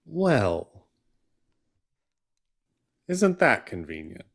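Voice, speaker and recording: A man's voice: mid-range voice, big pitch swings, extremely slow, vocal fry. A man co-hosting a live political stream, lecturing in a sardonic way. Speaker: co-host. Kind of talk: casual live call-in chat.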